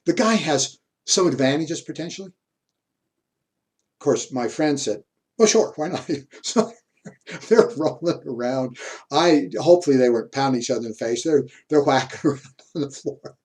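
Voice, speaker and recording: A man gives a university history lecture at a mid-range pitch. He drifts into personal stories in a chatty, easygoing way and chuckles often as he talks. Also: lively intonation, normal speed, a little mellow. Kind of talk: classroom lecture with anecdotes.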